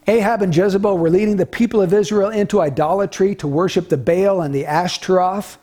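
A man's voice: high-pitched, a little mellow. A man preaching an expository sermon, retelling a story in an earnest way with small restarts.

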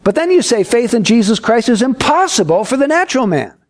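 Animated, high-voiced male preacher. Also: fairly quick. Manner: expressive storyteller, acts out quoted voices. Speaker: pastor. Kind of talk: sermon.

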